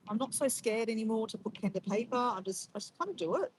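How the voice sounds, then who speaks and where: A woman's voice: on the high side, expressive, quick pace, slight background noise, poor audio. Chatty woman vlogging outdoors. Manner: chatty, addresses viewers as guys, thinks aloud. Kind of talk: casual vlog chat while painting. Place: outdoors on a windy day.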